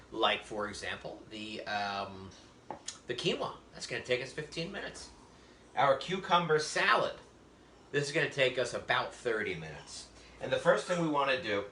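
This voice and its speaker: A man leads a live online cooking class from a kitchen, with a bright, forceful voice. He explains every step in a chatty way, joking with his viewers and leaning on plenty of fillers. The sound comes through a webcam in an echoey room. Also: medium pitch, slight background noise. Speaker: cooking instructor. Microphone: webcam on a video call.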